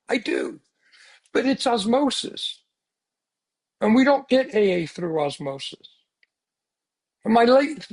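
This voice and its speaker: A man giving an earnest, animated recovery talk full of rhetorical questions. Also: sits high, husky. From United States. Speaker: speaker sharing recovery story.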